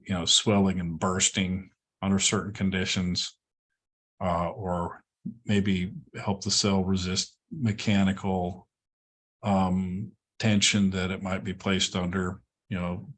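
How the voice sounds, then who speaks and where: A man lecturing a college class, relaxed and explanatory, with frequent ums and checks like "all right?". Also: sits low, takes it slowly. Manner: relaxed, repeats words, many ums and okays. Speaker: college instructor.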